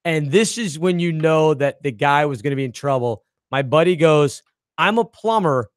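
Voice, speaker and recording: Man, podcast host, casual chat, high voice, lively storytelling, dry close mic. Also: moderate pace, clear, resonant tone, dry recording. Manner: animated storyteller, acts out voices in quotes.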